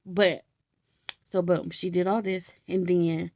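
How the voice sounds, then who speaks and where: A young woman telling a story in casual slang, animated, laughing often and acting out the quotes. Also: fairly low pitch, takes it slowly, no room sound. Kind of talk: casual comedic Bible retelling.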